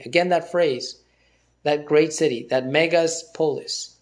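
A man in the middle of a Bible teaching sermon, reading verses aloud at an even pace. Between passages he breaks into emphatic comment. His voice sits somewhat high for a man. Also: normal speed. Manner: reads scripture aloud, then comments in emphatic bursts. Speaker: preacher.

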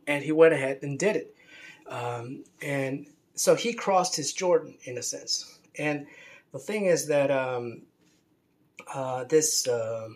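A man's voice: mid-range voice, slow. A man talking in a rambling, unscripted monologue, with many restarts and fillers and a scornful edge. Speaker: commentator on religion.

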